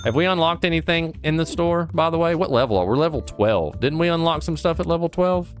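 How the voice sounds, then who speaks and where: A man's voice: fairly high pitch, animated, quick pace, hardly any pauses, soft background music. A man casually commenting on a shop game, joking and chatting with his customers. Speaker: gaming streamer.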